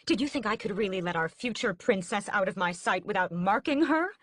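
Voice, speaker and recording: A woman's voice: expressive, brisk, a bit bright, no room sound. Woman voicing a theatrical vampire mother. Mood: grand, mocking. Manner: grand, high-pitched, swings from sobbing to gloating. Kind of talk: audiobook character voice.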